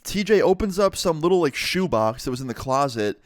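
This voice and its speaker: A young man telling a casual, profanity-laced story-time vlog in an animated way. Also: fairly high pitch, fairly quick, no echo, studio quality. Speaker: vlogger.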